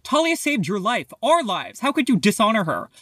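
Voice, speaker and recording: A man's voice: high voice, a little slow, a bit bright, no echo, clean studio sound. A man reading aloud the lines of an angry, clever teenage girl from a novel.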